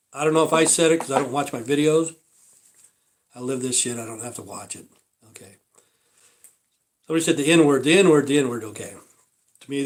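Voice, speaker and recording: An older man rambling through a casual livestream monologue, profane and repetitive, circling back over his points. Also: medium pitch. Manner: rambling, profane, repeats himself. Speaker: livestream host.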